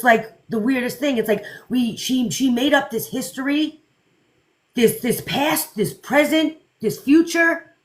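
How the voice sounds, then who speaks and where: A woman host telling a personal story in a casual storytime, animated and acting out the dialogue. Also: sits high, poor audio. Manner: animated, acts out quoted dialogue.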